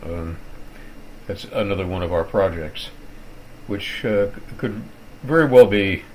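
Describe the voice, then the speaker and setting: An older man rambling through a wry, theatrical rant about his internet service while clicking around his computer at home, sounding worn out and low on energy. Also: measured pace, a little hiss or hum, low-quality recording. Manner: digressive, wry, with theatrical asides. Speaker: vlogger ranting about his internet provider. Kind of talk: rambling screen-recorded rant.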